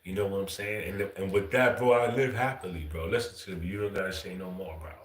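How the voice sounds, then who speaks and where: A man's voice: low-pitched, steady tone, fast, reverberant. A man hosting his own livestream, talking in a loose, profane, casual monologue. He says "bro" constantly and chuckles often. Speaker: livestream host.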